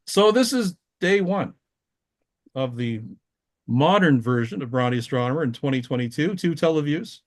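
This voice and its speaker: A man's voice: on the high side, lively intonation, normal speed, no echo, studio quality. A man giving a casual, rambling talk over a slideshow of photos, with frequent restarts. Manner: rambling, many restarts, easygoing. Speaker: guest astronomer.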